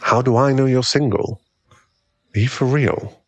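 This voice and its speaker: A man's voice: mid-range voice, normal speed, no echo, dull audio, natural voice. A young man playing a cocky, smug rival in an ASMR boyfriend role-play, taunting and chuckling as he talks. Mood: smug mocking. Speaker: ASMR roleplay performer.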